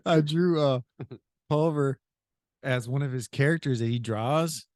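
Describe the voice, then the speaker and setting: A man's voice: mid-range voice, unhurried, darkish tone, no echo, clean studio sound. A male podcast host telling a rambling, casual story, stacking up "I said" and laughing as he goes. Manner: retells with many "I said", laughs often.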